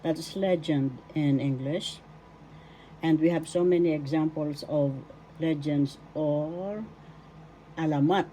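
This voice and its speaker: A woman's voice: low-pitched, takes it slowly, dark tone, a little hiss or hum, rough recording. A woman teaching a language lesson, breaking words into syllables and repeating them. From Philippines. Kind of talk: slow classroom lesson.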